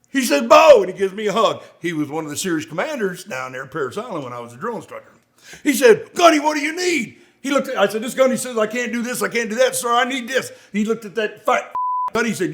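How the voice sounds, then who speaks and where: A middle-aged man, a veteran co-host, telling war stories in casual chat and acting out the dialogue in a raised voice. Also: high voice. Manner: animated, profane, acts out dialogue in raised voice. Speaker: podcast co-host, Marine veteran.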